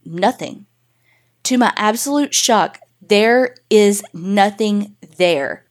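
Casual, profane woman telling a spooky story. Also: mid-range voice. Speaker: podcast host reading a listener story. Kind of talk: first-person story reading.

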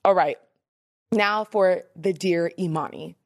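A woman's voice: lowish voice, takes it slowly, vocal fry, no echo. Sassy woman host with a dry sound. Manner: animated, sassy, acts out quoted voices. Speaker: podcast host answering listener questions. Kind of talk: casual advice chat.

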